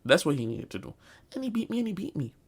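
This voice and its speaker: A man's voice: sits high, sing-song, fast talker, vocal fry, breathy edge. A man telling a comic storytime, talking loosely in slang and saying bro a lot. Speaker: vlogger. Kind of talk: comedic storytime.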